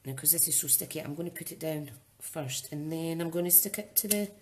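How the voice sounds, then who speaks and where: During a casual live-streamed craft demo, a woman thinks aloud and chats while making a card. Her voice is low and darkish, fairly quick, with a little hiss or hum in the recording.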